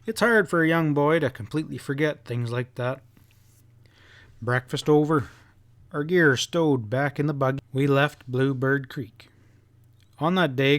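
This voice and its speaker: Man reading an audiobook steadily. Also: medium pitch. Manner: steady, unhurried storytelling. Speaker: audiobook reader. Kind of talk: audiobook narration.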